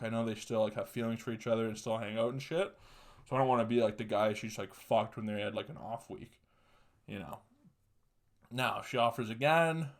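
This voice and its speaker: A young man hosting a solo podcast, telling a story casually, swearing constantly and laughing mid-sentence. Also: mid-range voice. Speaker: podcast host.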